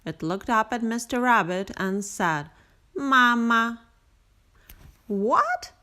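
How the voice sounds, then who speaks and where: A woman reading a bedtime picture book aloud, gentle and expressive, with sing-song repetition. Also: mid-range voice, unhurried. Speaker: storyteller. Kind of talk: bedtime story read aloud.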